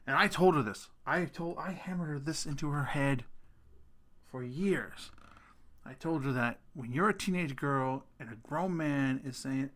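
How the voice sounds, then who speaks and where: A middle-aged man, a father, ranting casually to camera in an animated, emphatic way, with sudden loud bursts and casual swearing. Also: a little high, normal speed. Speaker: vlogger, father.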